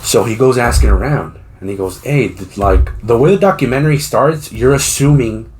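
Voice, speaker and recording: A man's voice: medium pitch, moderate pace, darkish tone. A man hosting a podcast, retelling a story in a rambling, profane, casual way, acting out the people he quotes. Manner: acts out quoted voices while retelling. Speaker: podcast host. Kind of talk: casual chat.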